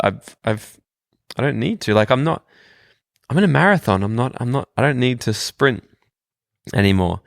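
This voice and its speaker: A man talks through a casual story as a podcast guest, his voice gravelly and his pitch sitting right in the middle. He is loose and laid-back, swearing freely and breaking off his sentences to start them again. The close mic picks him up in a dry room with no echo. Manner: relaxed, swears freely, many restarts.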